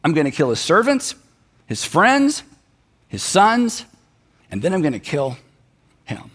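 A man's voice: on the high side, huge pitch swings, unhurried, a bit bright, breathy edge, full character voice. A man preaching a sermon and acting out a furious young warrior who swears revenge, speaking in a heated, emphatic way. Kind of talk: sermon storytelling.

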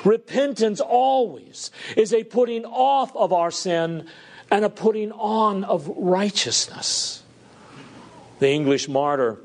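Preacher, male, high-pitched, slow and earnest sermon delivery. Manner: earnest, emphatic preaching with slow deliberate phrasing. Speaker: pastor.

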